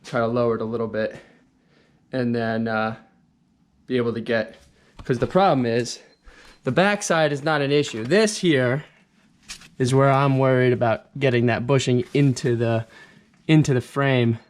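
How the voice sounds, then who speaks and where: A young man on his own car repair channel. He talks through the job as he works, casual and thinking out loud, with an average-pitched voice. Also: moderate pace, long pauses. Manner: talks while working, thinks aloud. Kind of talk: casual hands-on explanation.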